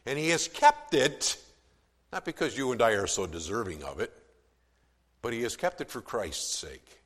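A man preaching a sermon as pastor, swelling from soft to loud for emphasis, with some stammered restarts. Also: mid-range voice, lively intonation, normal speed, long reverb tail.

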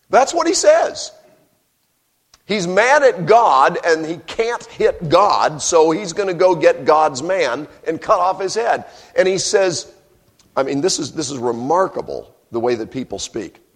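A man's voice: on the high side, slow. A man preaching a sermon, telling stories wryly and breaking into emphatic bursts. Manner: animated, wry storytelling with sudden emphatic bursts.

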